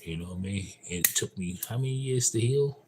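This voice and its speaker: A man in a casual livestream monologue, telling a story in a profane, emphatic and rambling way. He swings between loud outbursts and low mutters. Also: brisk, noisy background. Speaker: livestream host.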